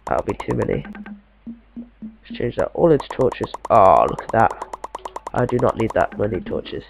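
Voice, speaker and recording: Gravelly young man chatting. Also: lowish voice, sing-song, moderate pace, soft background music, rough recording. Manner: chatty, talks to himself, slightly posh. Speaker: gamer. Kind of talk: casual gameplay commentary.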